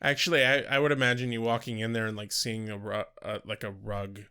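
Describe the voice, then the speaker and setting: A man's voice: fairly low pitch, little pitch movement, a little fast, pushed and bright, clear, resonant tone. A man co-hosting a podcast in laid-back casual chat, swearing casually. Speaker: podcast co-host.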